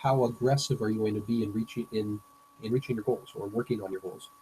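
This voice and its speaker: A man's voice: lowish voice, fairly even intonation, fast talker, dark tone, slight background noise, rough recording. A man, a business coach, giving a presentation lecture in a hesitant way, with frequent fillers and restarts.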